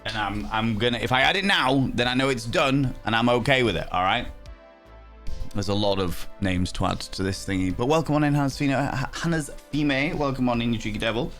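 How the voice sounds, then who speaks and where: A man's voice: brisk, a bit bright, soft background music. A young man chatting playfully on a live stream, teasing viewers, a bit under the weather with sore sinuses. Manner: playful, teasing, theatrical swings in pitch. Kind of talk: casual live-stream chat.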